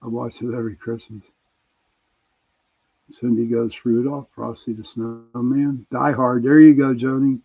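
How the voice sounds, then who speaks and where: Slow, gravelly host with a Pittsburgh accent. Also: male voice, mid-range voice, little pitch movement. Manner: reads out listener messages, chuckling, easygoing. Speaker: radio show host. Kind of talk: casual call-in chat reading listener answers. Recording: dull lo-fi sound.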